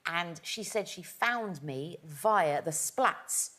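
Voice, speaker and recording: Chatty woman telling stories, lively. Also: on the low side, takes it slowly. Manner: chatty storyteller, laughing. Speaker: guest host. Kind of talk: casual chat.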